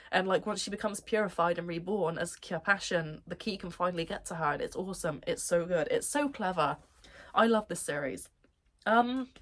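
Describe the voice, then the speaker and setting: A young woman reviewing an anime series in a casual vlog, gushing and rambling, often laughing as she talks, with a slightly dry throat. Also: medium pitch.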